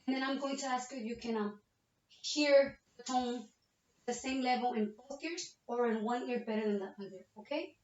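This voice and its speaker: Speaking at a moderate pace in a voice on the high side, this woman is a nursing student guiding a patient through a physical exam. She explains each step and keeps checking in with "okay?" It's a narrated demonstration recorded through a laptop webcam, giving muffled, distant, roomy sound.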